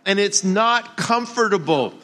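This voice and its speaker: A man's voice: high voice, animated, unhurried, sharp tone. A man pastor preaching in an earnest way, repeating lines for emphasis. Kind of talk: sermon.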